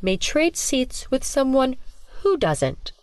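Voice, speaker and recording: A woman's voice: high-pitched, sing-song, slow, no echo, voice pushed up, full character voice. A cold, sinister schoolteacher from a spooky children's story, giving stern orders in a raised, clipped voice, as a woman narrator puts her on. The sound is dry and close-miked. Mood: coldly commanding. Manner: stern and coldly commanding.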